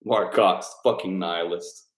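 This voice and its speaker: Thanking patrons on a casual live chat, a man with a lowish, steady voice takes his time as he rambles, curses freely and laughs often. Noticeable echo fills the room around this YouTube creator.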